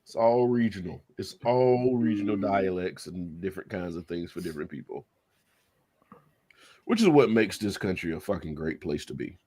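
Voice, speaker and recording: A man talking casually on a podcast, thinking out loud and cursing freely. His pitch moves a lot, rising and falling with what he says. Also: lively intonation, moderate pace. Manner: casual, swears freely, muses aloud. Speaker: podcast co-host. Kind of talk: casual chat.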